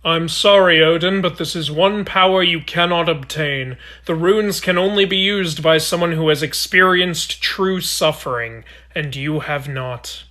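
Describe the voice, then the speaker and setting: A man's voice: a little high, unhurried, hardly any pauses, sharp tone, voice pushed down. A man voicing a solemn, wise male guardian head who turns hysterical, in a comedy sketch. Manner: grave, then shrieking in panic.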